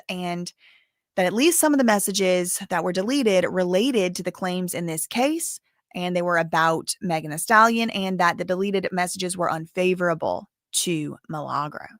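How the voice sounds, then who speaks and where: A woman's voice: fairly low pitch, no echo, studio quality. A woman hosting a casual livestream of legal commentary, chatty and blunt, with frequent digressions. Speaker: commentary channel host.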